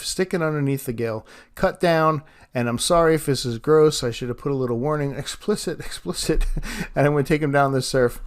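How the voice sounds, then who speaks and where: A man narrating his fishing vlog outdoors on a beach, chatty and laughing often as he talks to viewers. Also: a little high. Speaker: fishing vlogger.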